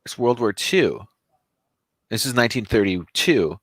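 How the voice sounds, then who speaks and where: A man's voice: lowish voice, animated, unhurried, dry recording. A man co-hosting a podcast, telling a strange story in a jokey, casual way. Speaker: podcast co-host.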